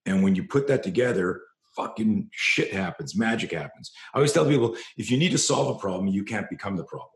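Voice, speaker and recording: A deep-voiced man speaks as a self-defense coach, passionate and blunt, swearing and circling back over his words. The recording has a noticeable room echo. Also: lively intonation, fairly quick, few pauses. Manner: passionate, profane, repeats himself at restarts. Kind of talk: storytelling interview guest.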